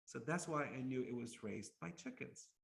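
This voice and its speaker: A man doing a calm, wise storybook minister. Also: mid-range voice, moderate pace, vocal fry. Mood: explaining. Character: wise, experienced adult male minister.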